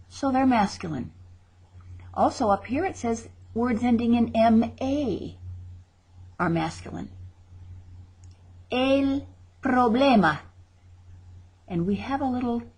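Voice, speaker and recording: Middle-aged woman teacher, patient explainer, slow and very breathy delivery. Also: a little high, dark tone. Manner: slow, patient explaining, repeats words carefully. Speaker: Spanish teacher. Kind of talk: recorded online lesson.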